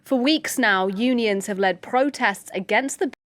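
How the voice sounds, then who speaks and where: A woman reading a scripted news report in a measured, formal way. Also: a little high, fairly bright tone, no room sound. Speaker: news presenter.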